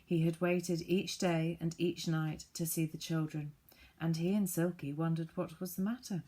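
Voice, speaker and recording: A woman reading a children's storybook aloud, gently voicing the characters. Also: fairly low pitch, fairly even intonation, moderate pace, breathy edge. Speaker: audiobook reader.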